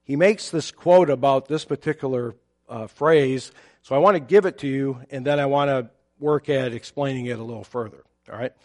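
A pastor preaching a sermon, explaining a Bible passage in a measured, teacherly way with occasional fillers. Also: male voice, medium pitch, darkish tone.

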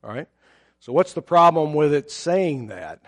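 A pastor preaching a sermon, explaining a Bible passage in a measured, teacherly way with occasional fillers. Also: male voice, a little high, sing-song.

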